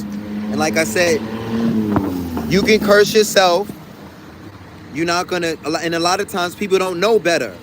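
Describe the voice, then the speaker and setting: A man's voice: on the high side, measured pace, pauses often, a little hiss or hum. Blunt, profane man ranting to his chat. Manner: blunt, profane, repetitive and emphatic. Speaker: livestreaming traveler talking to chat. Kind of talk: casual livestream rant.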